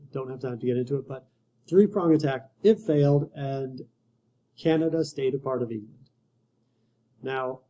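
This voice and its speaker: A man's voice: mid-range voice, warm tone, poor audio. A man giving a casual history lecture to students, conversational and wry, often restarting his sentences. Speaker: history teacher.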